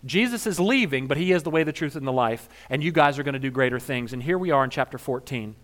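A male pastor preaching a sermon in a conversational, wry way, retelling scenes with humor and swinging between quiet and emphatic moments. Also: medium pitch, lively intonation, quick pace.

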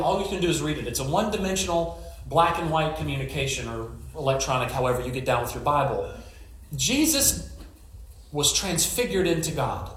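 A man preaches in a relaxed, conversational way, turning scripture into stories with wisecracks and asides. His voice sits slightly high and swings widely in pitch. The sound carries a roomy echo. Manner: joking, storytelling asides. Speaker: pastor. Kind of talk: conversational sermon.

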